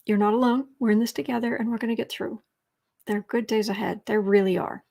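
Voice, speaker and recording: A woman's voice: on the high side, steady tone, quick pace, creaky, warm tone. A woman hosting a tarot and astrology channel, signing off to viewers in a wry, chatty, reassuring way. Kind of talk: casual sign-off to viewers.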